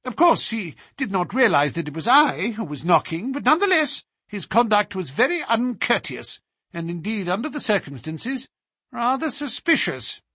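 A man's voice: sits high, sing-song, normal speed, pushed and bright, slightly rough, dry recording, clean studio sound, voice pushed up, exaggerated voice. A man voicing a fussy, agitated older college tutor who pleads and frets. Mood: indignant. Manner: flustered, pleading.

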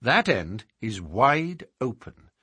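Man narrating as a male detective, shrewd, precise, husky, bright tone. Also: medium pitch, no echo, voice pushed down, exaggerated voice. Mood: explaining. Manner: measured, precise, lively emphasis. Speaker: audiobook reader. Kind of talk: dramatized first-person story reading.

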